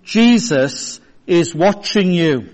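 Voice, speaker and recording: A man's voice: high-pitched, lively intonation, slow, a little mellow. A man doing a cheeky talking parrot. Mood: deadpan. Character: male parrot, cheeky and deadpan. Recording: long church reverb.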